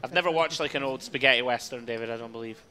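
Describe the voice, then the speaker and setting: A man's voice: mid-range voice, racing, bright, forceful tone. A man doing live poker commentary with jokey, easygoing banter.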